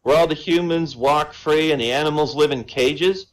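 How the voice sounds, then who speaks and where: A man's voice: on the high side, normal speed, pitched above the performer's own voice, natural voice, low-quality recording. A man voicing a male duck who works as a plasterer and asks puzzled questions, told as a spoken joke.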